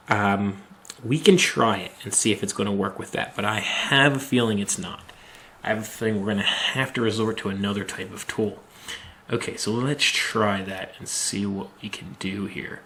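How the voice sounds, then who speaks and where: A man giving a screen-recorded machining software tutorial, talking slowly and methodically and thinking aloud with frequent ums. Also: lowish voice. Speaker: machining instructor.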